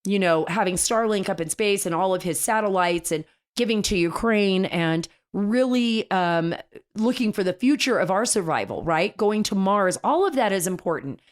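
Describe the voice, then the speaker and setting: A woman host delivers casual political radio commentary in an enthusiastic, chatty way. Her pitch sits in the middle range, and she often restarts her sentences mid-thought. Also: lively intonation, moderate pace. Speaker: talk show host.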